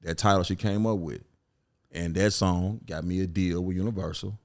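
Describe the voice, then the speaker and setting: A man's voice: low voice, steady tone, moderate pace. A man from Memphis with a Southern accent, a guest chatting casually on a podcast and often saying "you know what I'm saying". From Memphis, USA. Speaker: guest musician.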